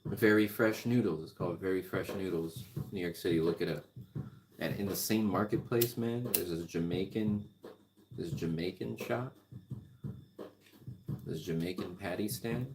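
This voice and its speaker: A man's voice: low-pitched, normal speed, long pauses. A man talking in a casual, rambling monologue, riffing and swearing freely. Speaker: music vlogger. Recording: clicking background noise.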